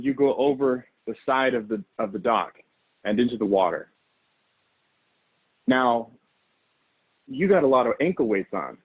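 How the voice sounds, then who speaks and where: Husky guy rambling through a motivational pep talk, keeps going "okay? right?", sounds like a phone call. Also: mid-range voice. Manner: acts out quoted inner thoughts. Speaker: motivational speaker. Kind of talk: motivational talk with guided visualization. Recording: thin phone-like line.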